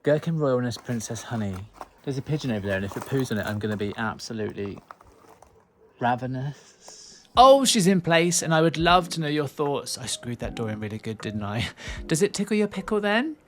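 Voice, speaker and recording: A young man with a medium-pitched voice hosts a relaxed home vlog. He's playful and camp, and he bursts into sudden squeals of excitement.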